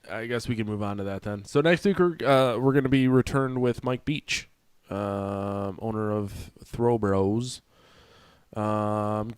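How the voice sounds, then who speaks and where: A man's voice: on the low side, clear, resonant tone, no echo. A man hosting a podcast in casual chat, rambling and swearing loosely as he wraps up the show. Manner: loose, profane, rambling asides. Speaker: podcast host.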